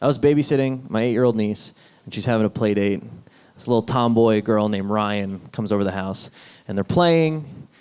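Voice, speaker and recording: A man from New Jersey doing a brash, profane stand-up set, jumping into loud, high impressions. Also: normal speed, few pauses, smooth. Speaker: stand-up comedian. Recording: live club mic with audience noise. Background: audience laughter.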